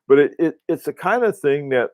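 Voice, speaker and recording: A man hosting a casual livestream, answering viewers in a halting, rambling way with many restarts and fillers. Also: fairly high pitch, expressive, a little mellow, dry recording. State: has the hiccups. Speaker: host of a live watch talk.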